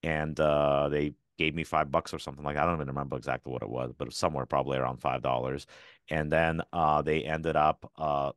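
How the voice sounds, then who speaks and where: A man's voice: very deep voice, little pitch movement, a little fast, dry recording, studio quality. A man in his forties from Ukraine, a podcast guest telling stories in casual conversation, with frequent restarts. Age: 40s.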